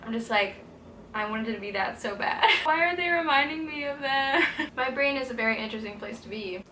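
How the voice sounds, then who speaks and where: Bright, giggly young woman vlogging. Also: high-pitched, a little fast, echoey room, slight background noise, poor audio. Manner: chatty, giggly, lots of "like" fillers. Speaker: reading vlogger. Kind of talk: casual chat to camera. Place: indoors during a stay abroad.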